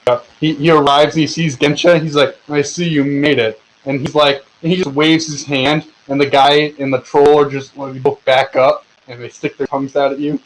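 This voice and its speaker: A man's voice: on the high side, little pitch movement, moderate pace, few pauses, rough recording. A man narrating a tabletop game as game master over voice chat, with lots of fillers and restarts. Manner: rambling, filler-heavy narration. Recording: online voice chat.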